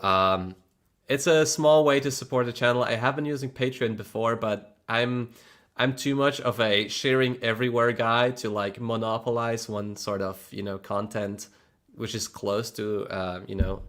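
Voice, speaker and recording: A man with a fairly low voice hosts a relaxed livestream. He talks loosely to his viewers and rambles with plenty of "uh"s and "you know"s. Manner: reads viewer messages aloud and thanks members, loose and rambling with many fillers. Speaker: livestream host. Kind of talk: casual livestream chat.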